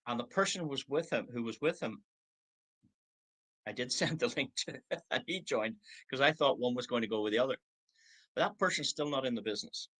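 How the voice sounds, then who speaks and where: Older man, 60s, bright tone, motivational trainer on a video call. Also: mid-range voice, a little fast, long pauses, low-quality recording. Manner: acts out prospects' replies in quoted voices. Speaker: network marketing trainer.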